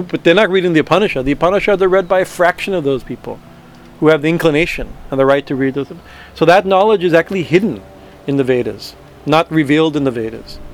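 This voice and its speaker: A man giving an informal spiritual talk to a group, halting and repeating himself, often tagging his points with "right?". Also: fairly high pitch, slight background noise. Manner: halting, repeats words, tags lines with "right?". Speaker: spiritual teacher.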